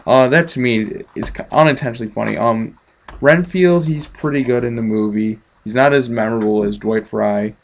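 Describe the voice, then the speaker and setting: A man's voice: medium pitch, normal speed. A man giving a casual, offhand movie review, chatty with many ums.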